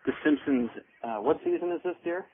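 A man's voice: a little high, a little fast, a little hiss or hum. Casual male voicemail caller, tinny phone sound. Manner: rambling, casual. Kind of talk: voicemail message.

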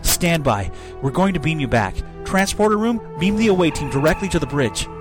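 Male reader doing a loud, urgent starship captain, music bed underneath. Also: fairly high pitch, sing-song, brisk, voice pushed up. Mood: commanding. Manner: urgent commanding shouts. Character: starship captain barking orders, adult man. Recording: music playing behind.

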